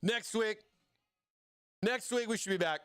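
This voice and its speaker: A man's voice: sits high, a little slow, fairly bright tone, clean tone, no echo, clean studio sound. A man hosting a casual livestream giveaway, hyped and slangy, calling viewers "baby" and "bro.". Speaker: livestream host.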